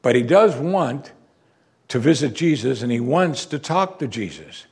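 A man preaching a sermon, animated and rhetorical, repeating lines and exclaiming for emphasis. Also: medium pitch, measured pace, husky.

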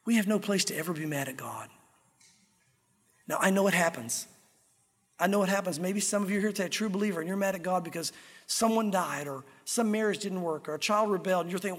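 A man's voice: sits high, quick pace, big-room sound. A man preaching a sermon as pastor, earnest and direct, driving points home with repetition.

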